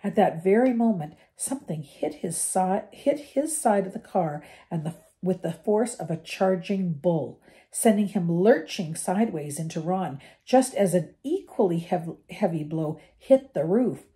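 An older woman reading a novel aloud to her grandchildren, gentle and with the odd slip and restart. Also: on the low side, expressive, a little slow. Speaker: storybook reader for her grandchildren.

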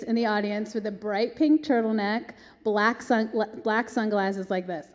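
A woman telling a long, animated backstage story on stage, chatty and breathless, often acting out the other voices. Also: mid-range voice, normal speed, few pauses. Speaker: guest performer. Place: synagogue hall. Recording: echoey hall, long reverb.

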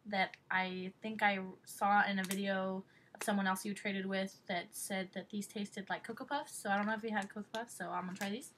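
A woman opening a package for her vlog, gushing and excitable, often squealing. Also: mid-range voice, fairly quick, slight background noise, low-quality recording. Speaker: vlogger.

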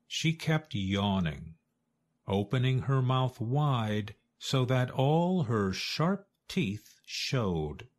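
Brief: male narrator for a learners' storybook, clear and expressive, unhurried. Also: on the low side.

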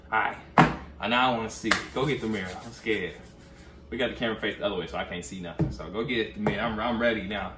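A man's voice: lowish voice, heavy background noise. A young man chatting casually and joking in a home vlog, slangy and a little nervous, recorded from a distance. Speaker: vlogger. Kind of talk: casual chat. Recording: echoey room, mic at a distance.

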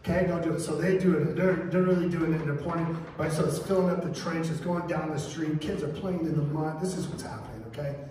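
A man preaching a sermon in a church, telling stories in an animated way with acted quotes. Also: fairly high pitch, a little fast, few pauses, a little hiss or hum. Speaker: pastor. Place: church sanctuary. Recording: echoey hall, distant mic.

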